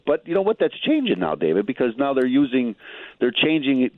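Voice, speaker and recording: Tax guy calling in on a tinny phone line, quick and lively, emphatic. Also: medium pitch, no room sound. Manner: emphatic, chuckles easily. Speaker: tax expert guest. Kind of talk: radio interview.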